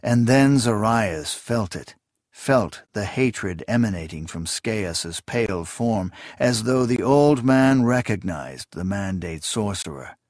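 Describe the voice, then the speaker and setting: A man reading a fantasy novel aloud in a measured, deliberate way. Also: fairly low pitch, lively intonation, a little mellow, dry recording, studio quality. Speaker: audiobook narrator. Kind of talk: scripted fantasy narration.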